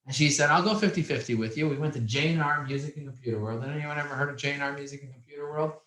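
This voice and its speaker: A man's voice: fairly high pitch, rapid-fire, reverberant, rough recording. A man teaching a business class to a room of young men, telling stories and asking them questions. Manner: animated storyteller, asks the room questions. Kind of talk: lively classroom talk. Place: classroom with audience.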